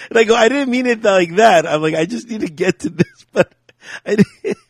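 A podcast co-host chats casually, telling rambling stories, laughing often, and acting out what people said. His high voice is gravelly and moderately paced, captured dry with clean studio sound.

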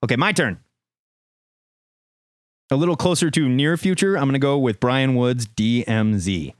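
A man's voice: mid-range voice, moderate pace, no room sound, clean studio sound. A man co-hosting a comic book podcast, chatting with enthusiasm and hyping his picks. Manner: enthusiastic, hyped announcer bursts. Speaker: podcast co-host.

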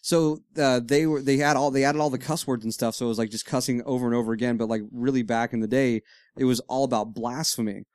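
A man's voice: mid-range voice, flat delivery, quick pace, a little mellow, clear, resonant tone, no room sound, studio quality. A man co-hosting a casual podcast, joking and arguing back. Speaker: podcast co-host. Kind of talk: casual chat.

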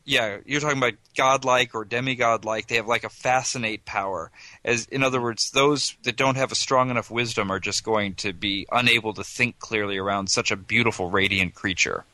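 A man's voice: lowish voice, steady tone, a little fast, pushed and bright, no echo, rough recording. A man co-hosting a casual tabletop gaming discussion, explaining rules in a chatty way and chuckling as he goes. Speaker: podcast co-host presenting a segment.

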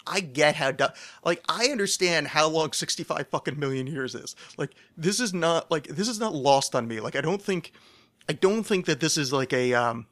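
A man's voice: fairly high pitch, expressive, moderate pace, a bit bright. A man hosting a casual solo podcast, rambling in a loose, profane, self-deprecating way. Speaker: podcast host.

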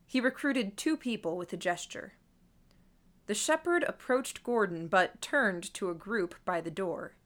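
A woman's voice: mid-range voice, expressive, a bit bright. Woman narrating an audiobook wryly. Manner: measured, wry, observant. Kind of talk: first-person audiobook narration.

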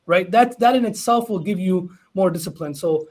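A man with a fairly high, husky voice talks in a casual religious panel discussion. He tells stories in an animated way and acts out what people said. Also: normal speed, few pauses, low-quality recording. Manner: animated storyteller, acts out dialogue.

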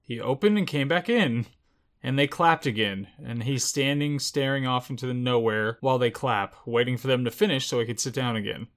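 Creaky-voiced man reacting to a film. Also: medium pitch, a little fast. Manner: jittery running commentary, muttering then exclaiming. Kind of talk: live reaction commentary.

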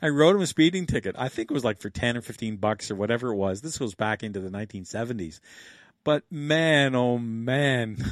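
A man's voice: medium pitch, no room sound, studio quality. Rambling older man on a livestream. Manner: rambling, chuckling, thinks aloud. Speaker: livestream host. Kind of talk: casual livestream chat.

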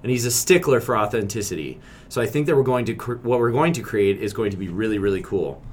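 A man's voice: on the low side, fast talker, a little hiss or hum. A man co-hosting a podcast in casual chat, rambling and joking with many restarts and fillers. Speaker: podcast co-host.

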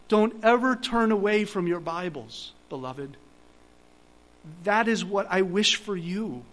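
A man's voice: sits high, fairly bright tone. A middle-aged male pastor giving a sermon, earnest and pleading, building to emphatic repeated phrases.

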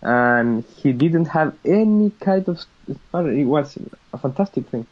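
A man's voice: fairly high pitch, animated, a little slow, muffled recording. A man joining a casual podcast chat, chiming in with short friendly remarks.

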